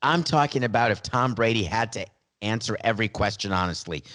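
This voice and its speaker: A man's voice: on the low side, expressive, fairly quick, a bit bright. A man hosting a sports podcast, making sarcastic, wry asides. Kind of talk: podcast commentary.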